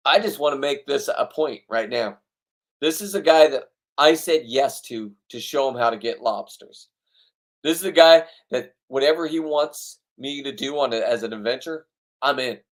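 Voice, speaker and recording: A man narrating his own fishing video in a casual voice-over, blunt, boastful and full of swearing. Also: medium pitch. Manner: blunt, profane, ranting, boastful. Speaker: fishing vlogger.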